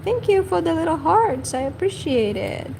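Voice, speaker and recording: A woman teaching vocabulary on a livestream, saying each word twice slowly and carefully. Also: very high voice, very animated, gravelly, dark tone, a little hiss or hum, poor audio. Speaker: language teacher. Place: home livestream.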